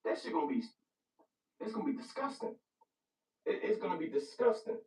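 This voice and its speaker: A man gushes about a movie in casual chat, fast and swooping, cursing and repeating lines for emphasis. His high voice is gravelly. The recording sounds echoey and distant, with a dull lo-fi tone. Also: sing-song, dark tone. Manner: hyped, profane, repeats phrases. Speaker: movie reviewer.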